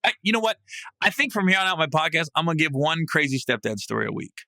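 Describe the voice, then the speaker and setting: A bright-voiced man, creaky and quick, tells a comedic story as a podcast host. He's animated, salty, and casual, swearing freely and swinging into loud, high laughing outbursts, with no room sound on his podcast mic.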